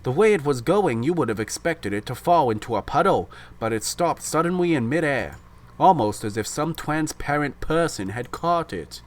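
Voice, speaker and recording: A man's voice: fairly high pitch, lively intonation, normal speed. A young man hosting a podcast, reading a visual novel aloud and breaking off to chat and laugh at himself. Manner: laughs easily, self-deprecating. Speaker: podcast host, reader.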